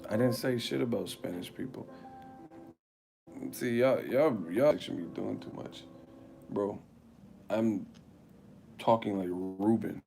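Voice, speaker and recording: A man chats on his live stream and tells a rambling story, loud and full of swearing. He often jumps into shouted impressions of other people. Faint music plays behind him. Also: on the low side, slow, creaky, long pauses. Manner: animated storytelling, swearing, loud put-on voices. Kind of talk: casual live-stream chat.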